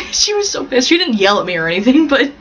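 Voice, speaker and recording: Speaking quite fast with a breathy edge, this American vlogger has a high, somewhat bright, very animated voice. She recounts childhood memories to the camera in a casual way, often laughing and performing the voices of the characters.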